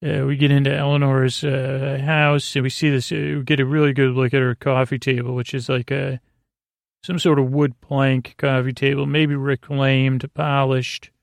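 A man recaps a TV episode on his podcast, stumbling along with many fillers. His voice is gravelly and stays on an even, flat pitch. The recording is dry and close. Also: no room sound. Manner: halting, many fillers, reads quotes flatly. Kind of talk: casual solo recap.

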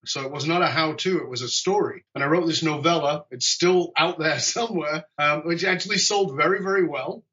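A man with a fairly high, bright voice chats as a podcast guest, animated and joking. He tells stories in a relaxed, conversational way. The sound is lo-fi, as it comes through a video call. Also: a little fast, hardly any pauses. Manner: animated, jokey, acts out quoted dialogue. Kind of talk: conversational storytelling.

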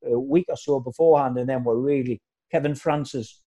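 A man's voice: mid-range voice, fairly quick, slightly rough, muffled recording. A man telling football stories in casual chat, acting out other people's voices. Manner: animated anecdotes, acts out shouting voices. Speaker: former footballer guest.

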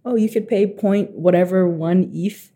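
An eighteen-year-old man telling stories as a guest, animated, laughing often and acting out what others said. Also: sits high, moderate pace. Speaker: guest artist. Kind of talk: casual storytelling.

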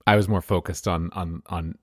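Deep-voiced man, halting casual chat. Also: steady tone, no echo, studio quality. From Southern US, Louisiana. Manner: halting, restarts often, thoughtful. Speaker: podcast co-host.

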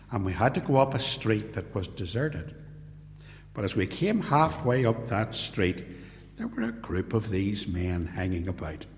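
A man in his sixties with a Northern Irish accent, preaching an expository sermon and weaving in anecdotal stories. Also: on the low side. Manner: anecdotal storytelling. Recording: long hall reverb.

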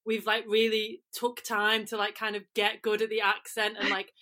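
A woman's voice: medium pitch, monotone, normal speed, sharp tone. A woman with a Liverpool accent co-hosting a podcast, chatting casually and giggly with many fillers. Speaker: podcast co-host. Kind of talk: casual chat.

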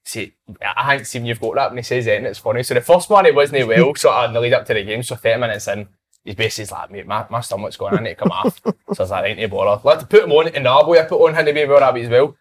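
A man's voice: mid-range voice, rapid-fire. A young Scottish man, a football manager, telling stories in casual chat and laughing through them. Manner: animated storyteller, laughs through anecdotes.

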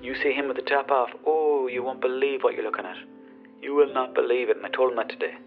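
A man's voice: medium pitch, fairly even intonation, fast, narrow, tinny audio, faint music behind. Sweary man in a put-on Irish accent. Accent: put-on rural Irish. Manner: rambling, sweary, mock-boastful. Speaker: podcast host. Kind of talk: comic rant monologue.

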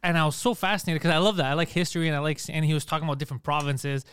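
A man hosting a podcast in casual chat, talking in an animated way and swearing freely. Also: fairly high pitch, very fast, clear, resonant tone, no room sound, clean studio sound. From Canada. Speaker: podcast host.

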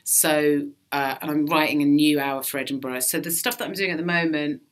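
A woman, a stand-up comedian, chatting casually in an interview and telling lively, sweary stories in which she acts out other people's lines. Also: low voice, fairly quick. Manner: lively storyteller, swears freely, acts out quotes.

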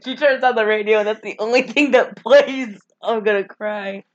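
A woman's voice: fairly high pitch, moderate pace, muffled recording, noisy background. A woman in casual chat, recapping a film plot animatedly and saying she feels sick. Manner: animated storytelling, flat deadpan when quoting characters.

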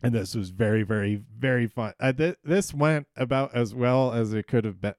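A man's voice: medium pitch, normal speed, dry recording, clean studio sound. A man hosting a podcast, recapping an episode in casual solo talk, rambling and hesitant with many ums and restarts. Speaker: podcast host.

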